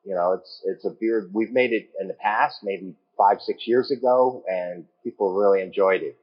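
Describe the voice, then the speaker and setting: A man being interviewed as a guest in his own brewery, answering in a calm, measured way with frequent fillers. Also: fairly low pitch, slightly rough, highs cut off.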